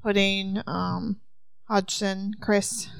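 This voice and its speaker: Gravelly-voiced woman puzzling it out. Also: medium pitch, little pitch movement, extremely slow, no echo. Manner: questioning, thinks aloud with fillers. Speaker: teacher playing a mystery game. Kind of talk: casual group chat.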